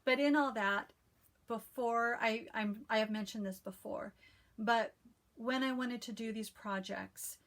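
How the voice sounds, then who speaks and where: A woman hosting a casual stitching vlog, who chats and reads a devotional aloud in a calm, soothing voice with frequent restarts. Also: on the high side, a little slow. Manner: chatty, with frequent restarts and fillers. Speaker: cross-stitch video host. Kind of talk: casual chat and devotional reading.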